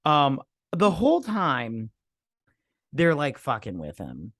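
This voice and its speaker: A man rambles through a movie review over drinks. His voice swings widely up and down as he jumps into loud, put-on quotes. The sound is dry and close, with no room echo. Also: mid-range voice, wildly swooping pitch, slow. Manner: rambling, profane, acts out quotes in raised voices. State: drinking while talking. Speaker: podcast co-host. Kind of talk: casual movie review chat.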